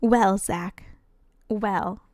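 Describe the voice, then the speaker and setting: A woman's voice: medium pitch, steady tone, drawn-out words, a little mellow, no echo, clean studio sound. A young woman streaming a game who chats casually, rambling with frequent giggles. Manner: rambling, giggly, lots of fillers and restarts. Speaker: cozy gaming streamer.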